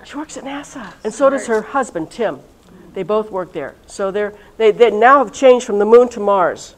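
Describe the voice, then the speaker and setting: A woman, a religious sister, leading a reunion session in a chatty, lively way and talking straight to her audience. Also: medium pitch, moderate pace, poor audio. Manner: chatty and lively, talks directly to listeners. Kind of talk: informal talk to a live audience. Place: college event room.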